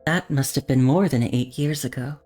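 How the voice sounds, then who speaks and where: A woman's voice: very deep voice, normal speed, dark tone, faint music behind. A woman voicing an uneasy young woman, reading the game's lines in a puzzled, probing way.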